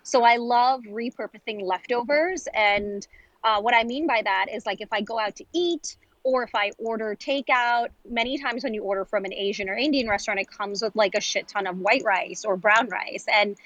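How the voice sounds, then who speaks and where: A candid, chatty woman with a New York accent, talking as a guest chef in a relaxed interview. Her voice sits a bit high, and the sound is close and dry with no room around it. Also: no room sound, dull audio. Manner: candid, chatty, quick asides. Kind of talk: casual interview chat.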